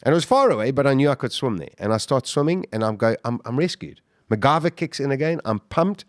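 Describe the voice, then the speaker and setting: A man of middle pitch tells his survival story as a podcast guest. He speaks in an animated, dramatic way, often restarts and stumbles, then pushes hard on key moments. The sound is close and dry, with no room around it. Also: quick pace, no room sound. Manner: animated, with frequent restarts and sudden surges of emphasis. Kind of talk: dramatic first-person storytelling.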